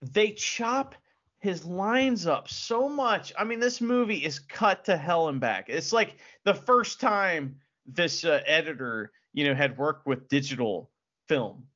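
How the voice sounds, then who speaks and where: Lively, bright-voiced man gushing about films. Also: on the high side, slow pace, lo-fi sound. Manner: excitable, profane, laughs often. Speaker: podcast co-host. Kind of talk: casual film review chat.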